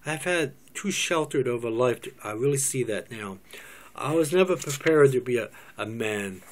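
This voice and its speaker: A man's voice: mid-range voice, expressive, normal speed, a little hiss or hum, natural voice. A sheltered, awkward philosopher who speaks in a flustered, self-doubting way, read by a man. It is a cold reading in the reader's own natural voice. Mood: confessional.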